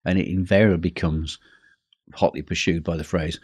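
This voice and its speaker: Deep husky-voiced male podcast teacher. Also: fairly even intonation, darkish tone, no echo, studio quality. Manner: measured, slows down for emphasis. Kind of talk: scripted podcast talk.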